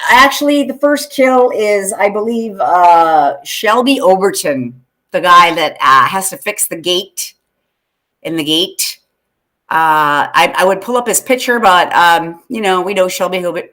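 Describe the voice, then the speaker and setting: A woman's voice: mid-range voice, a bit bright. A woman hosting a casual livestream, chatting in a rambling way with lots of fillers and restarts and talking back to viewers by name. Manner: talks back to chat by name. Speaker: host.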